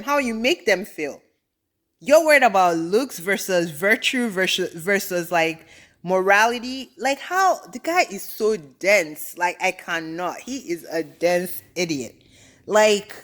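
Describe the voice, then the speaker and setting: A young adult woman giving a casual reality TV recap, animated, exasperated and full of slang. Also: mid-range voice, measured pace.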